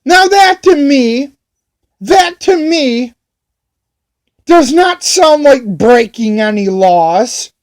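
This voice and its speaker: A man recounts a run-in with police in an angry, profane rant. His voice sits high, and he circles back to the same phrases over and over. He talks at a slow, dragging pace. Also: expressive. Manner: profane, repetitive, heated.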